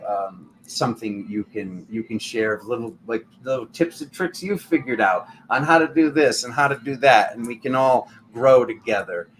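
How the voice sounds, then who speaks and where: A man hosting a tarot channel, giving a casual spiritual talk in a rambling, animated way full of restarts and fillers. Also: medium pitch, a little hiss or hum.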